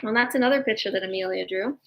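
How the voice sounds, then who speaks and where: A woman's voice: medium pitch, fast, creaky, very noisy. A woman hosting a family show for children, cheerful and chatty as she shows their drawings. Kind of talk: presenting a kids' show.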